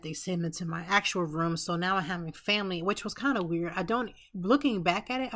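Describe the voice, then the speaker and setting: A woman's voice: fairly low pitch, fairly bright tone. A woman in her thirties, a podcast host, telling an emotional personal story in an earnest way, with restarts and asides.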